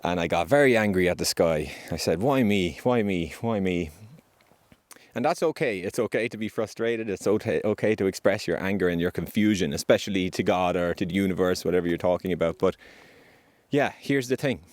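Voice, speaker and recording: A man hosting a vlog, speaking gently and earnestly about gratitude and acceptance while out on a hike. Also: low-pitched, no room sound. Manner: gentle, earnest, spiritual, unhurried with pauses. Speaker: podcast host sharing his survival story. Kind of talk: reflective spoken vlog on a hike. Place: outdoors on a hillside.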